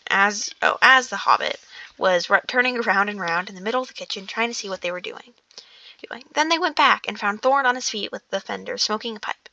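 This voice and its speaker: Gal reading a book out loud in the dark, trips over words a lot, bright voice, bit of gravel. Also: female voice, mid-range voice, dry recording, muffled recording. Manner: stumbling, restarting lines, chatty asides. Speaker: audiobook reader. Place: dark room indoors.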